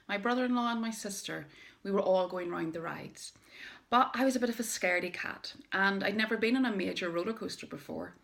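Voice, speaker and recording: A middle-aged woman who runs a direct-sales business, telling a personal story to camera as motivation. She tells it in a lively, emphatic way, with dramatic pauses. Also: medium pitch.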